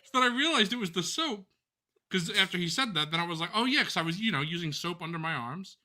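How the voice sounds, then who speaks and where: A man with a very bright, ringing voice and a fairly high pitch tells a long story on a live stream. He talks in a casual, animated and profane way. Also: quick pace. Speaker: co-host.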